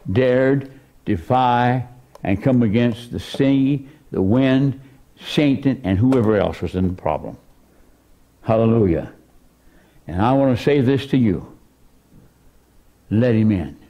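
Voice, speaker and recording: Animated preaching man with lively pitch. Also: slow, long pauses. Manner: animated preaching, voice surging high for emphasis. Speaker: pastor. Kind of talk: sermon. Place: church.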